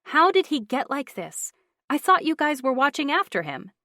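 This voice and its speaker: A woman's voice: very animated, normal speed, pushed and bright, dry recording, studio quality, heavily acted. A woman voicing an anxious young assistant. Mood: indignant. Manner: high, urgent, reassuring.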